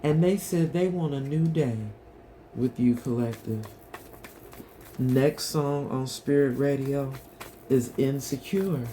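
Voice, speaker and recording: Tarot reader, slow unhurried delivery, chatty and talks straight to viewers, faint background hiss. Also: medium pitch, mellow. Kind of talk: collective tarot reading, casual chat.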